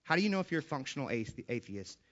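A man's voice: medium pitch, big pitch swings, fast, fairly bright tone, dull audio. A man preaching a sermon to his congregation, quoting scripture and building emphasis on repeated lines. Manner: emphatic, rising in volume on repeated scripture quotes. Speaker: pastor.

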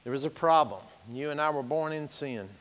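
A man preaching a sermon as pastor, emphatic, swinging from loud to hushed, in a church sanctuary. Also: a little high, fairly quick, long reverb tail.

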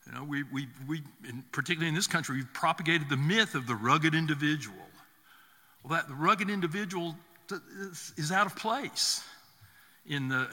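A man preaching a sermon, halting and restarting often as he builds each point. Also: on the high side, pushed and bright. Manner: halting, with many restarts and fillers. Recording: reverberant church hall.

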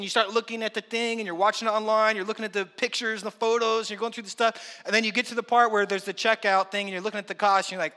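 A man's voice: sits high, little pitch movement, quick pace, hardly any pauses, sharp tone. A man preaching a sermon, reading scripture and then talking it through in a conversational way, acting out everyday voices. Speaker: pastor. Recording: long hall reverb.

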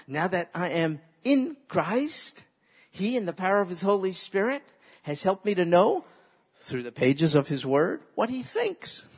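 Husky-voiced male preacher, exhorting. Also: a little high. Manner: leads the audience in call-and-response repetition; emphatic, exhorting delivery. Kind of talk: sermon.

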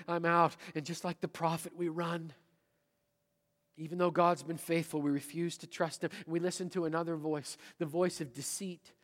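A middle-aged man preaching a sermon, dramatic, voicing inner thoughts aloud and swinging from loud to hushed. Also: high voice. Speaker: pastor. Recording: hall reverb.

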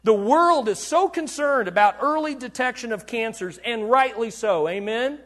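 A male pastor preaching a sermon, asking the congregation questions and swinging between loud bursts and hushed, confiding lows. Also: lively intonation, moderate pace. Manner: asks the congregation questions and waits for answers.

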